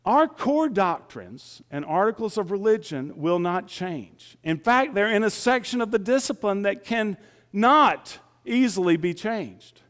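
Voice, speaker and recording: Lively male pastor in a reverberant church. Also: sits high, measured pace. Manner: folksy, conversational preaching with rhetorical questions. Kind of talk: sermon.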